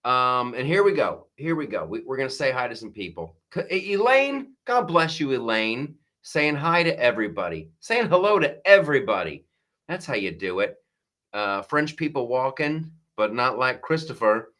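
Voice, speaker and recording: A male host of a live comedy stream with a bright, forceful tone and a lively, bouncing pitch. He talks in a casual, riffing way and reads out viewer comments between jokes. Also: normal speed.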